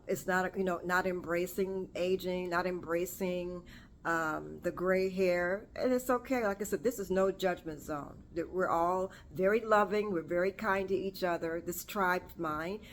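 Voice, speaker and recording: A woman's voice: on the low side, slight background noise. A woman in her forties hosting a casual solo talk to camera, rambling and chatty, correcting herself as she goes. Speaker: podcast host. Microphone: camera or phone on self.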